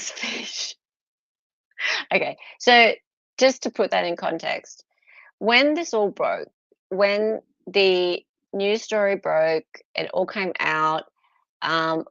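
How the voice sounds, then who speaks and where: Chatty and quick to laugh, an Australian woman runs a relaxed live stream covering a court trial, replying to people in chat and imitating posh barristers with put-on voices. Her voice is lowish, and the audio is dull with no echo.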